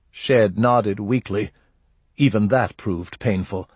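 A man narrating a story in a measured, steady way. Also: lowish voice, slightly rough, no room sound. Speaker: audiobook narrator. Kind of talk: scripted narration.

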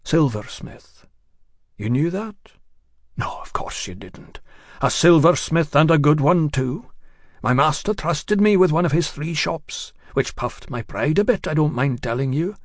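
A man's voice: a little high, animated, no room sound. Confiding male storyteller, dry close recording. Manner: measured and confiding, addressing the listener directly. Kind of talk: story narration in first person.

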